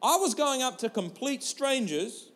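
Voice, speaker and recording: Brief: man, thirties, pastor, lively comic storyteller. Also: extremely high pitch, a little slow. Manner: animated, humorous storytelling. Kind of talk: sermon.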